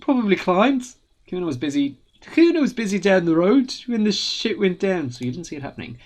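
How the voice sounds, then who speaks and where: A high, brash boy's voice, put on by a woman reading a game aloud, swaggering and foul-mouthed, swinging up and down as he talks about himself in the third person. He sounds cocky and defiant. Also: big pitch swings, fairly quick, a little mellow.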